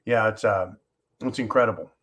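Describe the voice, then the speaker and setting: A man's voice: lowish voice, normal speed, fairly bright tone. A man hosting a live stream, talking passionately and emphatically to his viewers, swearing freely and calling them folks. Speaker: live show host.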